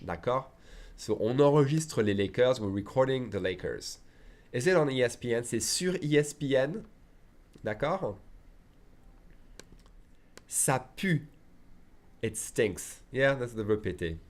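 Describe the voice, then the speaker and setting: Male language teacher, lowish voice, conversational and explanatory. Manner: chatty, explains with asides and checks in often. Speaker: French teacher. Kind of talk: online language lesson.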